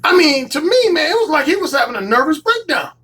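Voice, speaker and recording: A man's voice: extremely high pitch, big pitch swings, quick pace, pushed and bright. A man who works as a dating coach, telling a story in a casual monologue, emphatic, often repeating his phrases and swearing freely. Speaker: dating coach and YouTube commentator.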